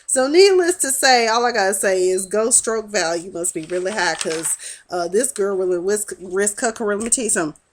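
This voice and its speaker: A woman's voice: medium pitch, lively intonation, brisk, a little hiss or hum. A young woman in a casual vlog, sassily recapping a TV episode and talking back to the characters. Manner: sassy, talks back to the characters, acts out their lines. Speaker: TV episode reviewer.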